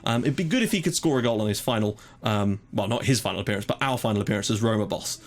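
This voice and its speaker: Fast-talking man commentating a football game. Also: fairly low pitch, animated. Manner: chatty, mock match commentary with frequent fillers. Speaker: gaming YouTuber. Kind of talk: casual let's-play commentary.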